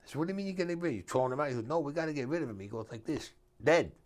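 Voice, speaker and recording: His voice is a little high, expressive, and racing along as this older man tells stories. He's an author on as a guest in a casual interview, playing out the dialogue streetwise-style and not bothering much with grammar.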